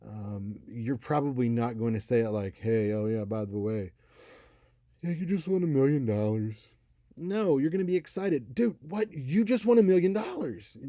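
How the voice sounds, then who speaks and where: A man's voice: medium pitch, warm tone, dry recording, clean studio sound. A man in his thirties giving a casual, conversational college lecture on speaking, now and then acting out example voices. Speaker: college instructor. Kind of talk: recorded lecture.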